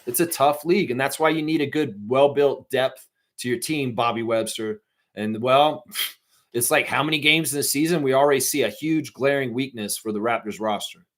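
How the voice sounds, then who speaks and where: A man's voice: medium pitch, moderate pace, fairly bright tone. Profane, fired-up middle-aged man. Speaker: fan stream host. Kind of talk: live stream rant reading chat.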